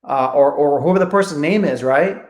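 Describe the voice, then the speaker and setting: A man with a high voice runs a live training, talking energetically and swearing freely. He acts out both sides of sales calls as he coaches. The sound is roomy and echoey. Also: normal speed, darkish tone. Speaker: real estate coach.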